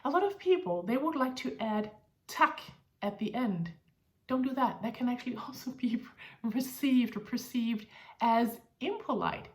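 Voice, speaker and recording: A woman's voice: a little high, animated, normal speed, a little mellow. A woman with a Danish accent, a native Danish speaker, giving an online language lesson in an explanatory, friendly way with frequent laughs.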